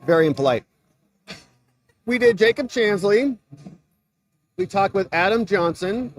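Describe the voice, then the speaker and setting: A man's voice: high voice, measured pace. A man hosting a casual livestream from a convention booth, chatting while eating. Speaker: livestream host. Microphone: phone camera.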